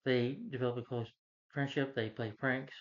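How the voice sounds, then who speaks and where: A man's voice: medium pitch, steady tone, moderate pace. A man giving a casual, rambling plot recap as a movie reviewer, with many restarts and "you know" fillers. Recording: dull lo-fi recording.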